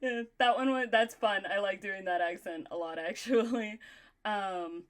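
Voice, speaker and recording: A woman's voice: mid-range voice, a little slow. A young woman from Texas hosting a stream, giggly and chatty with many fillers. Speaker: streamer host. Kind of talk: casual stream chat.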